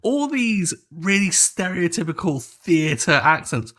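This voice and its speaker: Co-host from London, lively pitch, bright tone, wry and laughing. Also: measured pace. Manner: playfully critical, laughing. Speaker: podcast co-host. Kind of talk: casual podcast chat.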